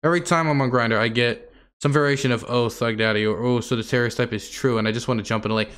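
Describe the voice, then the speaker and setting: A man's voice: mid-range voice, steady tone, quick pace, a bit bright, smooth. Candid, exasperated male streamer. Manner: candid, exasperated, rambling with many fillers. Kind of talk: casual storytelling to a stream audience.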